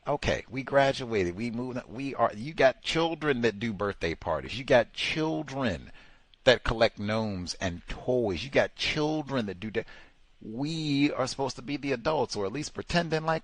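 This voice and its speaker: A man hosting a talk radio show, talking in a sarcastic, exasperated and animated way. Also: mid-range voice, dry recording. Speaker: radio host. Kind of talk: casual talk radio commentary.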